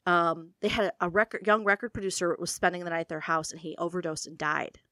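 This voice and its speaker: A woman telling a story in casual podcast chat, chatty and quick to laugh, trailing off with fillers. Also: lowish voice, pushed and bright, dry recording, clean studio sound. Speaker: podcast co-host.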